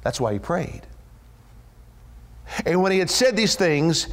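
A man preaching a sermon, retelling a scripture story with lively, dramatic delivery and acting out the voices. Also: high voice, measured pace, long pauses, long reverb tail.

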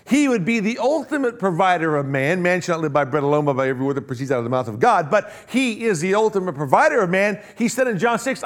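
A man preaching a sermon in a conversational way, talking straight to his listeners and firing off rhetorical questions, rushing through asides and slowing down to stress key words. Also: high voice, lively intonation. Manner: rhetorical questions, shifting between quick asides and slow emphasis; conversational, addresses listeners directly.

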